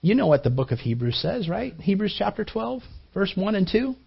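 A man's voice: sits high, big pitch swings, fairly quick, vocal fry, husky. A man preaching a sermon, telling a story in an earnest way and repeating words as he builds. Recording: dull lo-fi recording.

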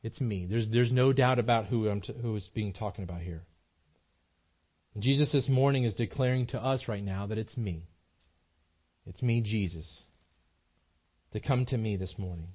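A man's voice: on the low side, normal speed, long pauses, lo-fi sound. A man preaching a sermon in a small church, earnest and emphatic, repeating himself as he builds his points. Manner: earnest, repetitive, emphatic delivery with frequent restarts. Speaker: pastor.

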